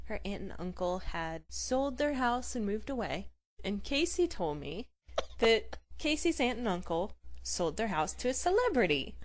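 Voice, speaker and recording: A woman co-hosting a podcast, telling a story in casual chat, animated and building to loud pleading. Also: mid-range voice. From New Mexico. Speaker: podcast co-host.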